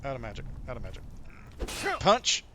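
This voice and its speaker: A man livestreaming a video game, commenting excitedly, swearing and yelling at the enemies he fights. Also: mid-range voice, moderate pace. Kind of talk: live gameplay commentary. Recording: noisy stream audio.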